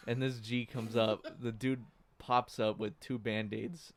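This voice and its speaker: A man's voice: mid-range voice, level tone, measured pace. A young man co-hosting a podcast, casually telling a story and laughing between lines. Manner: laughs while telling stories. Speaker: podcast co-host. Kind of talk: casual chat.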